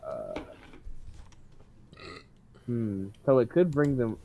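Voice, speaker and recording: A man's voice: mid-range voice, huge pitch swings, drawn-out words, creaky, mellow, lo-fi sound, slight background noise. Hesitant male tabletop player. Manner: hesitant, lots of um and like. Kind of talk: casual tabletop play.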